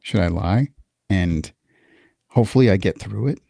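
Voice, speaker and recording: Low-voiced, profane man telling war stories. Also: moderate pace, creaky, no echo, clean studio sound. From Texas. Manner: profane, candid, animated storyteller with frequent restarts. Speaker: podcast guest, military veteran. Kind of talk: casual storytelling interview.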